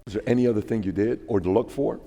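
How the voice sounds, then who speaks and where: Low, mellow-voiced male interviewer. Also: in a large hall. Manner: halting, restarts his questions. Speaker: interview host. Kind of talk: interview questions.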